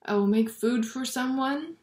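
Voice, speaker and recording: Woman doing a slow spiritual reflection, talks real unhurried, sometimes goes almost whispery, roomy echo. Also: high voice. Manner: slow, thoughtful, with soft near-whispered phrases. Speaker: Catholic video blogger.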